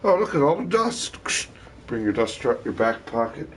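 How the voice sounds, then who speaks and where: A man's voice: medium pitch, big pitch swings, normal speed, a little hiss or hum. A man talking alone in a rambling vlog monologue, swearing often and drifting between thoughts. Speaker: vlogger.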